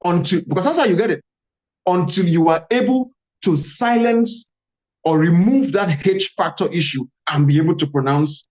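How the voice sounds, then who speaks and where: A man from Calabar, Nigeria, with a Nigerian accent, giving an animated workshop talk on pronunciation and repeating key words for emphasis. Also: sits high, normal speed, lo-fi sound. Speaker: guest speaker.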